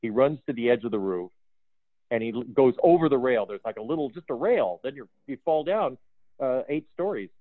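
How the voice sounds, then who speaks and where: A man's voice: mid-range voice, brisk, no echo. Guy telling set stories, chatty, does the voices of people he quotes, laughs a lot, tinny phone-ish sound, dry. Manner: animated anecdotes with quoted dialogue, laughs often. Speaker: film art director, guest. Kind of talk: casual storytelling interview.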